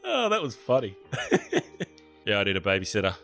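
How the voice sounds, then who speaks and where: Australian male host, lively pitch, bright voice, jokey and crude, faint music behind. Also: moderate pace, vocal fry. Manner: joking, swearing freely, laughs a lot. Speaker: host and streamer. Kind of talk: casual gaming chat with viewers.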